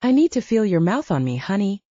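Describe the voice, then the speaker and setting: Raspy, commanding male lover in an audiobook, voiced by a woman; dull, dry sound. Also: mid-range voice, very animated, brisk, mellow, dry recording. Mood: urgent. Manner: commanding, growling. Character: demanding adult male lover.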